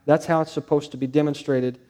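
A man's voice: on the high side, fairly even intonation, fairly quick, dark tone. A male pastor preaching a sermon, stressing points through repetition and rhetorical questions.

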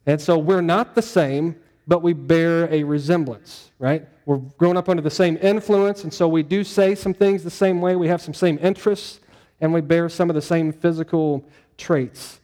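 A man's voice: on the high side, steady tone, normal speed, mellow. A middle-aged man preaching a sermon to his congregation in a conversational, folksy way, often asking the room questions. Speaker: pastor.

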